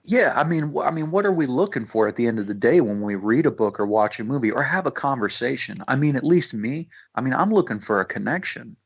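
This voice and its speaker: A man's voice: medium pitch, lively intonation, fast, few pauses, breathy edge. A man, a rapper, talking intensely as a radio guest, swearing freely and restarting his sentences. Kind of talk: casual radio interview. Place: radio studio. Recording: muffled lo-fi radio audio.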